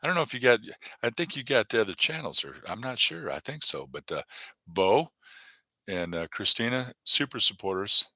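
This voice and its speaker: A man's voice: medium pitch, sing-song, normal speed, bright, forceful tone, no echo. A man hosting his comedy channel on a live stream, chatting casually and rambling between jokes with lots of fillers. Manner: rambling, jokey, many fillers.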